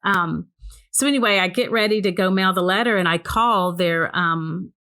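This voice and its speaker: A woman with a bright, clear voice tells a long personal story in easygoing conversation. She rambles, often saying "um" and "so anyway." She acts out the people she talks about with lively energy. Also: on the low side, normal speed. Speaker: guest, ministry co-founder.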